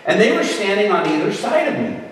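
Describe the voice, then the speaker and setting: A man's voice: sits high, brisk, a little hiss or hum. A middle-aged man telling a humorous story as a guest speaker, acting out the voices of the people in it. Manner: animated storytelling, acts out voices. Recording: echoey hall from far off.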